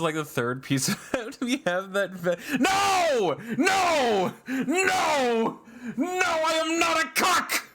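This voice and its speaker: This is a man streaming live and chatting loosely, full of filler words and laughter, who keeps jumping up into high, shrieking protests. His tone is fairly bright.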